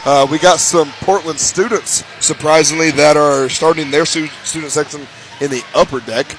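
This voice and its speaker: A man calling a high school basketball game from a gymnasium. His voice sits a touch high, and he rambles and restarts his sentences often. Faint gym ambience hums behind him. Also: fairly even intonation, normal speed, a bit bright, a little hiss or hum, poor audio. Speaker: play-by-play announcer.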